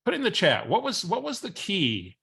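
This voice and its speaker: A man's voice: sits high, huge pitch swings, brisk, gravelly, sharp tone, husky. A man presenting a coaching webinar as host, telling stories energetically with frequent filler sounds. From San Antonio area, Texas.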